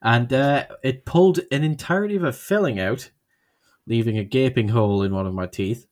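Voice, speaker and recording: A man's voice: medium pitch, darkish tone. A young man with a Birmingham accent, co-hosting a podcast and telling a rambling story in casual chat. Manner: rambling storyteller, slows down for emphasis. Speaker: podcast co-host.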